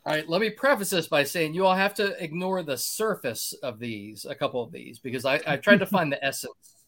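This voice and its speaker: A man co-hosting a casual podcast chat, his voice sitting a bit high and swinging widely in pitch. He jokes constantly and breaks into laughter between his points. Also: a little fast. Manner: laughs often, animated and joking. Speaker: podcast co-host.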